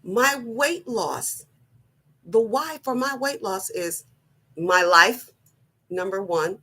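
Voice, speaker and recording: A middle-aged woman giving a personal motivational talk, slow, earnest and deliberate, often repeating her phrasing. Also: mid-range voice, animated, pushed and bright, breathy edge. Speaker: wellness vlogger.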